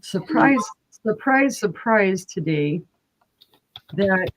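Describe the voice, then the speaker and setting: A woman's voice: mid-range voice, lively intonation, very slow, rough recording. A woman co-hosting a live sale, reading out viewer bids and counting down sales. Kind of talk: live-stream sale chat.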